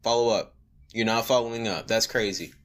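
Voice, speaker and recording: A man's voice: lowish voice, fairly quick, fairly bright tone. Joking young man doing game commentary. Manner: joking, slangy, reads on-screen texts aloud and breaks into mock singing. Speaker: gaming video creator. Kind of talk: casual gameplay commentary.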